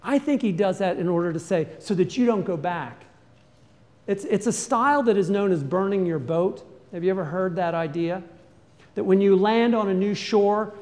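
A man with a high voice preaches a sermon, asking his listeners questions and then pressing them with short, urgent commands. His words ring out with a long reverb inside a church. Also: darkish tone. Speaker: pastor.

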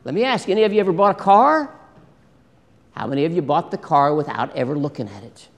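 A man preaching a sermon in a lively way, acting out scripture dialogue and asking the congregation questions. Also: fairly high pitch, brisk. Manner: animated, acts out biblical dialogue, asks congregation questions. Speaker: pastor. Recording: long hall reverb.

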